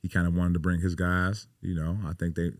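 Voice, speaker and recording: A pro basketball player in his thirties tells casual, emphatic podcast stories, heavy on swearing and "you know" fillers. His voice sits low with little pitch movement, and he talks briskly. It's a dry, studio-quality recording.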